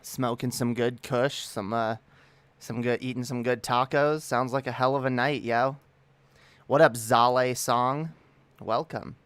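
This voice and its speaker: A man's voice: medium pitch, steady tone, a little slow, fairly bright tone, smooth, no room sound. A man hosting a casual livestream, greeting his chat in a laid-back, profane way. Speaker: livestream host.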